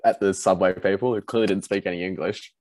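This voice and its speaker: A man's voice: sits low, quick pace, no room sound. Australian man telling stories, dry sound. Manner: animated storyteller, swears, laughs easily. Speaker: podcast co-host. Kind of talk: casual chat.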